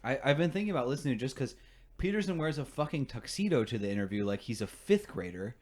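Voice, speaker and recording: A man's voice: mid-range voice, very animated, fast, darkish tone. A man hosting a podcast in casual banter, joking and swearing, and laughing often. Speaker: podcast host.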